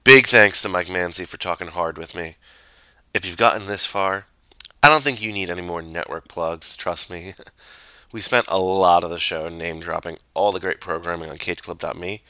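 Man, podcast host, low pitch, sick congested voice, bright tone, relaxed with laughs, dry close recording. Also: moderate pace, no echo, rough recording. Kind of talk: casual podcast chat.

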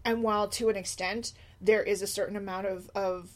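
A woman's voice: medium pitch, fairly quick. A middle-aged woman, a single mother, talking casually in a rambling monologue, often slipping into quoted voices. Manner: chatty, animated asides and quoted voices. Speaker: blogger, single mom.

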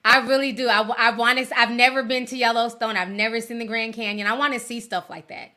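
A middle-aged woman chats casually on her livestream, slangy and quick to laugh. Her voice sits high and rings bright. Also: steady tone. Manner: chatty, laughs often, slangy. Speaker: livestream host. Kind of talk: casual livestream chat with viewers. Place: home in Minnesota.

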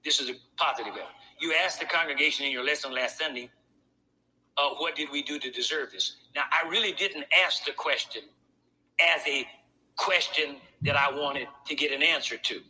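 A man's voice: on the high side, normal speed, sharp tone, poor audio. A man pastor preaching a sermon to his congregation, talking it through in a conversational way with pointed asides.

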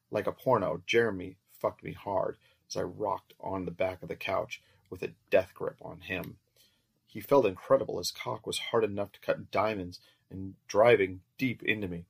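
A man reading a first-person story aloud as narrator in a steady, measured way. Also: low-pitched, creaky, slightly rough.

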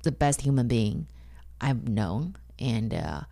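A woman from China, whose first language is Mandarin, tells her own story bluntly and haltingly, acting out the people she quotes. Her voice is low, gravelly and mellow, set close and dry with no room sound. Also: sing-song, dry recording. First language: Mandarin Chinese. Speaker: guest comedian. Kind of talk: candid personal storytelling.

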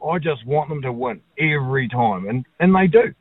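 A man's voice: medium pitch, lively intonation, moderate pace, dry recording. A man with a New Zealand accent calling in to a talkback radio show, blunt, blokey and opinionated, swearing casually. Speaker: caller. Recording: tinny phone line.

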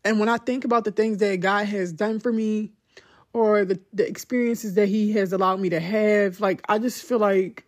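A woman's voice: mid-range voice, fairly even intonation, normal speed. A young woman hosting a podcast, telling a personal story in a conversational, emotional way with many "like"s. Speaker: podcast host.

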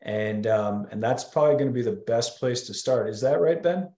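A man's voice: medium pitch, animated, normal speed, mellow, echoey room. A man speaking as a guest on a podcast, talking in a rambling, hesitant way. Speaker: guest, company co-founder. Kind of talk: casual podcast conversation.

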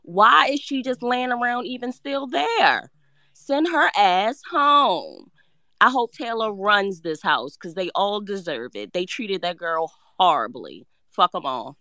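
Woman guest fired up about reality tv, bouncy pitch, dry sound. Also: dry recording. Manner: indignant, fast, expressive. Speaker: guest commentator. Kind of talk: live-stream reality show chat.

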